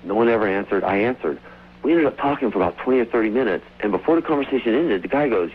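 A man calling in to a radio show, telling rambling, excited stories over the phone. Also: lowish voice, fast, slight background noise. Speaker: caller. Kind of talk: casual phone-in storytelling. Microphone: telephone. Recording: tinny phone line.

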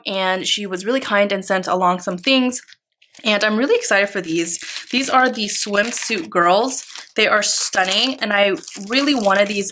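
A woman's voice: mid-range voice, a bit bright, slight background noise. A woman vlogger talking casually through a haul, chatty and gushing with lots of fillers. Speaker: planner vlogger.

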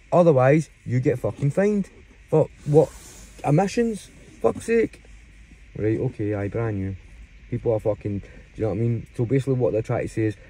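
A man's voice: medium pitch, dark tone, slightly rough. A Glaswegian Scottish man delivering a rambling, indignant rant to camera, swearing constantly. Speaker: vlogger. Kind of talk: ranting monologue.

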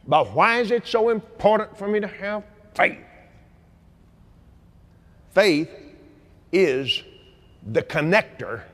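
Animated folksy preacher man in a big hall. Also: fairly high pitch. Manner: folksy, animated preaching with shouted peaks and call-and-response. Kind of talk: sermon. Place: large convention hall. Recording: long hall reverb.

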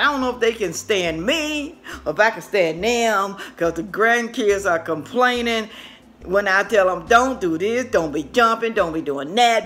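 Touring her craft room at home, an older cooking-channel host chats casually with viewers, addressing them as "y'all." Her voice sits at medium pitch and is a bit bright, recorded in an echoey space with faint music playing.

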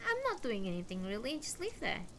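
A woman's voice: mid-range voice, huge pitch swings, fast, pushed and bright, a little hiss or hum, heavily acted. A woman reading aloud, voicing a blunt young woman who answers her mother offhandedly.

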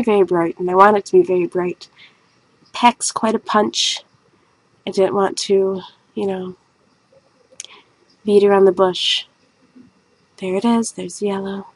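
A woman's voice: medium pitch, a little mellow, slightly rough, dry recording, low-quality recording. Brief: woman shoe artist, nasal, rambling and self-mocking, casual voice-over, mid-range voice. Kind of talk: casual voice-over of a painting video.

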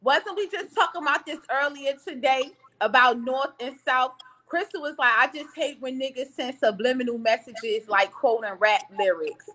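A woman co-hosting a casual talk show, loud, blunt and profane, laughing as she talks. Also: high voice, moderate pace, noisy background. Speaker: podcast co-host. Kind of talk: casual chat.

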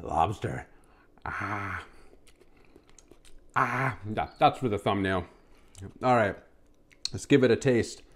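Slowly and with long pauses, a man gives a casual, enthusiastic food review on camera, humming mmm with pleasure as he eats. Now and then he chats with his pet, his voice going high and excited.

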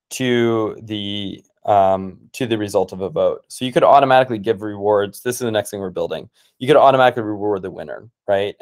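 Enthusiastic low-voiced man explaining ideas. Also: darkish tone. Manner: fast, filler-heavy, enthusiastic with frequent "like". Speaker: startup founder, guest speaker. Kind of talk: casual conversational explanation.

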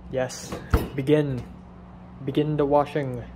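A man's voice: medium pitch, little pitch movement, slow, mellow, slight background noise, low-quality recording. Rambling young man vlogging at home. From Hong Kong. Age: young adult. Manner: rambling and self-deprecating, many fillers. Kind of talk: casual vlog talk.

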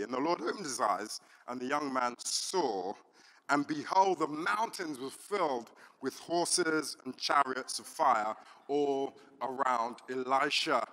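A man, a pastor preaching a sermon in a church and telling the story in an animated way, with many fillers. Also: fairly high pitch, measured pace. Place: church hall. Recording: reverberant church hall.

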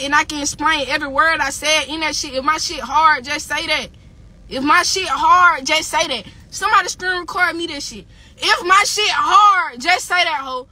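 A woman with a high, bright, piercing voice rants on a livestream. She is heated and profane, and she loops the same jabs again and again. The delivery is loose and unscripted. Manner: heated, profane, repeats insults. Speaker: rapper on a livestream. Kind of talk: angry livestream rant.

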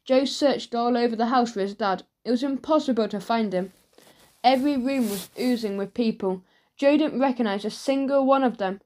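A woman reads a children's audiobook aloud. Her storytelling is lively and clear. Her voice sits a little high for a woman. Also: moderate pace. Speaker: audiobook narrator.

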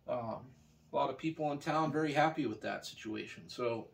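A man's voice: medium pitch, moderate pace, vocal fry, far from the mic. A man from Canada who sells junk vehicles and scrap, telling a long story in a meandering, casual way full of "you know" and restarts. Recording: voice a bit off-mic.

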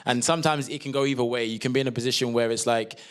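A young man with a London accent, a guest actor chatting through stories in an interview, relaxed and full of slang and fillers. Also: mid-range voice, racing, smooth. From England. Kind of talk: casual interview chat.

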